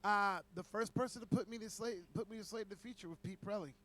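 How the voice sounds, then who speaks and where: A man who is a stand-up comedian, chatting casually on a livestream, swearing and tripping over repeated words when excited. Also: sits high, quick pace. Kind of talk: casual chat.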